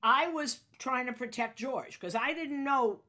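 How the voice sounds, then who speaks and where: A woman, a sports broadcaster telling an anecdote in an interview, acting out quotes with sudden loud high bursts. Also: measured pace.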